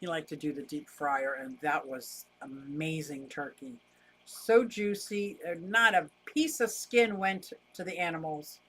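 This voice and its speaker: A woman's voice: deep voice, unhurried, fairly bright tone. An older woman hosting a casual livestream, chatting and answering viewer comments in a wry, talkative way. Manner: chatty, wry, laughs easily, rants about costs. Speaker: livestream host.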